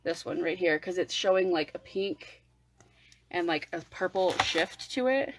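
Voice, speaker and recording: Gushing woman unboxing makeup, lively pitch. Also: measured pace, background noise. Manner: gushing, excitable, drops to whispers. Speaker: beauty vlogger. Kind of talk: casual unboxing livestream.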